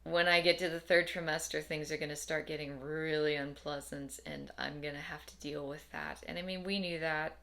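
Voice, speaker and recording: A woman's voice: low voice, fairly even intonation, moderate pace, vocal fry, hardly any pauses, fairly bright tone. A young adult woman talking casually to camera in a rambling, wry, tired way, often repeating herself. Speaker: vlogger. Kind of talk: casual personal vlog.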